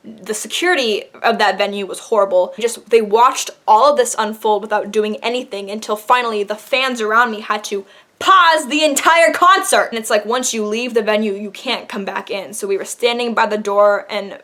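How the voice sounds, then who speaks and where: A young adult woman talks straight to camera in a casual story-time vlog. Her pitch sits in a middle range for a woman. She is chatty and loose, with frequent fillers and a laugh slipping in here and there. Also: moderate pace, a bit bright. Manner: chatty, laughs while telling, many fillers. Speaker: vlogger.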